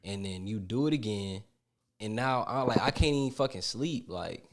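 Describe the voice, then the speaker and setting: A young man co-hosting a podcast, speaking loosely and candidly with plenty of slang. His voice sits a little low. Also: lively intonation, normal speed. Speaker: podcast co-host. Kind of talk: casual podcast chat.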